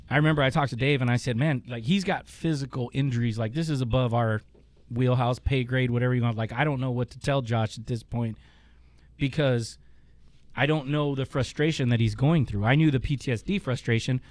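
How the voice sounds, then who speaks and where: A man's voice: medium pitch, a little fast, no echo. A man hosting a casual chat, telling a long story with swearing and laughter. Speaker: podcast host.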